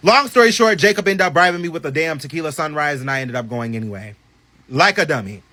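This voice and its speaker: A man telling a personal story in a casual storytime vlog, animated and profane, with many chatty asides. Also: on the high side, fast.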